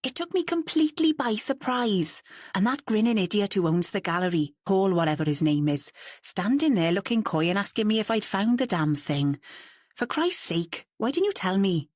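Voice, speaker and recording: A woman's voice: medium pitch, animated, a little fast, darkish tone, no echo, studio quality, natural voice. Woman voicing a curt, exasperated man. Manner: curt, clipped replies. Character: reserved man, irritated and exasperated.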